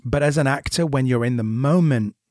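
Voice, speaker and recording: A man's voice: medium pitch, a little fast, darkish tone, no echo, studio quality. A man co-hosting a podcast, speaking earnestly and reflectively in casual conversation. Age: 30s. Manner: earnest, reflective, laughs easily. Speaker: podcast co-host, theatre director.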